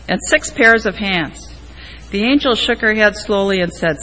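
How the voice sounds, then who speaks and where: Bright-voiced woman reading aloud in a hall. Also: medium pitch, moderate pace. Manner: expressive reading with voiced quotes. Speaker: church member reading aloud. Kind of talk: read-aloud story. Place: church sanctuary.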